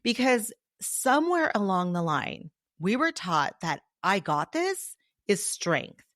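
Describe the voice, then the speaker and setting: A woman hosting her own podcast, talking straight to the listener and calling them "love", with animated storytelling. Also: medium pitch, slow, no echo, clean studio sound. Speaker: podcast host. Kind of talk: solo podcast monologue.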